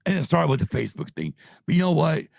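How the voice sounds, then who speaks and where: Gravelly fifty-something guy, pissed off, swearing a lot, pitch jumping all over. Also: very animated, fast talker, darkish tone, no echo, clean studio sound. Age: 50s. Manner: angry, swearing, heated. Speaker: podcast host. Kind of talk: profane live-stream rant.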